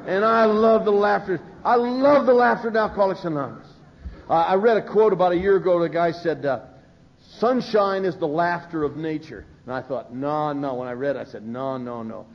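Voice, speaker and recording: An older man at a recovery meeting, telling funny stories and acting out the voices of the people he quotes. His voice sits a little high for a man. The live recording sounds muffled and lo-fi. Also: a little fast. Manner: humorous, animated, acts out quoted voices. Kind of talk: storytelling talk from a podium.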